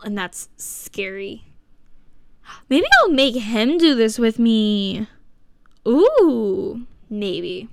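A woman's voice: a little high, no room sound. Rambling seventeen-year-old girl podcaster. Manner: rambling, self-mocking and sarcastic, with swearing. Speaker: podcast host. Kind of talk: casual solo podcast chat. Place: living room at home.

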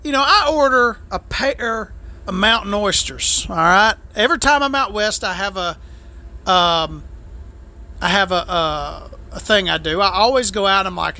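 Male food vlogger, high and bright, crude exasperated rant. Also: expressive, a little slow. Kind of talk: profane ranting storytelling.

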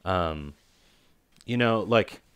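A man's voice: low-pitched, expressive, very slow, a bit bright, clear, resonant tone. A man co-hosting a casual film discussion podcast, rambling with lots of fillers and briefly acting out what characters say. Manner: rambling, filler-heavy, acts out quoted characters. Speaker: podcast co-host.

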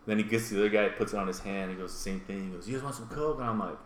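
A fast-talking man with a fairly low voice spins a wild story in casual chat, swearing freely and acting out each person's lines. He is recorded in a roomy, echoing space with a faint hum of room noise behind him. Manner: animated, swears, acts out voices. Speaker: podcast co-host telling a story.

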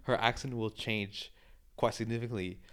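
A man's voice: lowish voice, steady tone, moderate pace, fairly bright tone. A young man who grew up in the UAE, co-hosting a casual chat with loose, filler-heavy storytelling. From United Arab Emirates. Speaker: podcast co-host.

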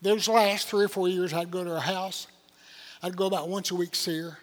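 An older pastor preaches in a folksy, earnest way, telling stories from the pulpit. His voice sits high for a man. It rings out through a reverberant church sanctuary. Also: fairly even intonation, brisk. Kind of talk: sermon. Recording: long hall reverb.

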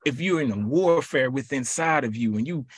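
A man leading a podcast Bible study who preaches in a lively, colloquial way and repeats his phrases for emphasis. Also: medium pitch, moderate pace, breathy edge, no echo, clean studio sound.

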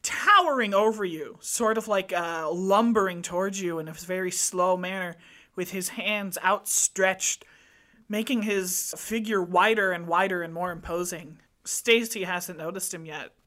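Bright-voiced woman game master. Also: on the low side, unhurried. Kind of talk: narrating a tabletop game.

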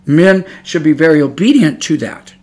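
A middle-aged podcast host delivers a religious monologue in a fairly high, animated voice at a moderate pace. He repeats himself emphatically and grows heated and loud as he goes.

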